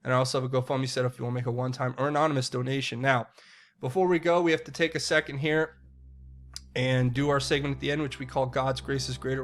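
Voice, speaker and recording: A man at an ordinary middle pitch hosts a solo commentary vlog. He speaks earnestly and directly to his audience. Soft music sits faintly behind him. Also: level tone, fast. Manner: earnest, direct address to viewers. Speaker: political commentary channel host. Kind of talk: solo political commentary monologue.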